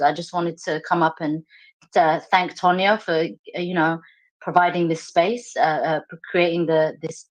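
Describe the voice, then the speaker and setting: An earnest woman from London with an English accent speaks up from the audience of a live audio chat. Her voice sits fairly low, and she talks in a warm, effusive flow full of halting restarts. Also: muffled recording. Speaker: audience member joining the chat.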